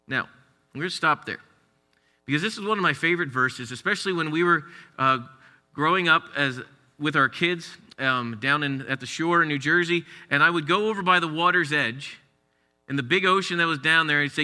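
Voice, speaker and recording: A middle-aged man preaching a sermon, telling stories and rising in pitch for emphasis. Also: moderate pace. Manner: storytelling, animated, rises for emphasis. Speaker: pastor. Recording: reverberant hall.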